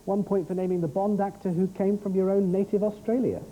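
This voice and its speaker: Male quiz host, fairly high, dark and soft in tone, brisk and jokey. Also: steady tone, muffled recording, a little hiss or hum. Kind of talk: scripted TV quiz hosting.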